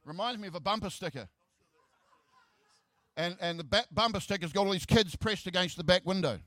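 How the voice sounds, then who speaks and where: A middle-aged pastor with a fairly high, fairly bright voice preaches, reading scripture and explaining it along the way, repeating words as he hunts for the next phrase and tossing in joking asides. He speaks a little fast with frequent pauses, and the sound is close and dry with no room echo.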